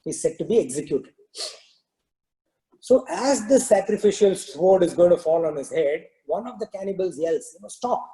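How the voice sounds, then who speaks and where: A man's high, warm, animated voice carries a spiritual teaching where he explains terms and narrates a parable in a loose way full of fillers. He keeps a moderate pace, though the audio is poor.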